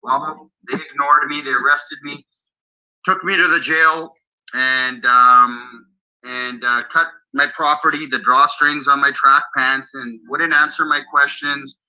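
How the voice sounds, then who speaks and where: A man telling his own story in casual chat, animated and blunt, swearing freely. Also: medium pitch, measured pace. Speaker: guest recounting a personal story. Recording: dull lo-fi audio.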